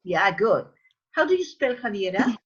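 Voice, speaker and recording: A woman teaches English pronunciation over an online call, saying words again and again so students can copy them. Her voice sits at an everyday pitch. The sound is dull and lo-fi. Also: big pitch swings, husky. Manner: drills sounds slowly, repeating words, calls students babies.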